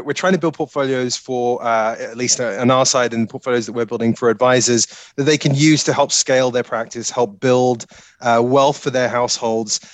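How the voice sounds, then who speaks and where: A man's voice: mid-range voice, dry recording. A man guesting on a podcast as a strategist, joking and rambling with lots of fillers. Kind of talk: casual podcast interview.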